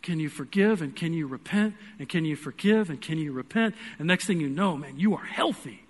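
A man preaches a sermon in church, earnestly recounting a personal story in a slightly high, expressive voice at a somewhat fast pace. He swings from loud pleading to hushed, quiet moments.

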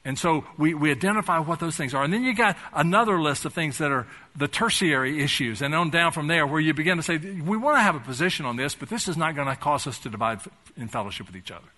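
A pastor preaches a sermon in a loose, conversational style, mixing homely jokes with passages of fervent urgency. His voice is bright and forward, pitched a little above the usual for a man. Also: expressive, quick pace. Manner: conversational preaching with folksy humor, rising to fervent emphasis.

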